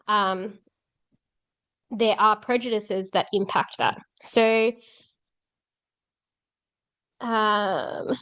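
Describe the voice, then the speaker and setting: A woman's voice: mid-range voice, steady tone, slow, pauses often, a bit bright, smooth. A young woman teaching philosophy, reading passages aloud and then explaining them in a casual way with lots of fillers. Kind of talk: explaining a philosophy text to students.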